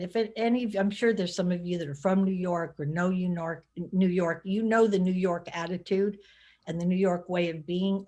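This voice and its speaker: A middle-aged woman from California, an author giving a talk, telling a lively anecdote in a conversational way with plenty of fillers. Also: fairly low pitch. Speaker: guest speaker, author. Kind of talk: storytelling talk.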